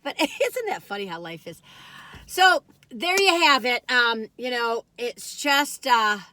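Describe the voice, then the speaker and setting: A woman's voice: on the high side, big pitch swings, slow pace, pushed and bright, dry recording. An older woman rambling through a casual food review vlog, going off on tangents and laughing often.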